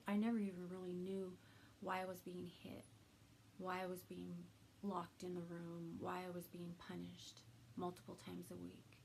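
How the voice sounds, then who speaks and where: Soft-spoken woman with a gravelly, flat voice. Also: on the low side, slight background noise, low-quality recording. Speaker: vlogger. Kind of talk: personal story told to camera.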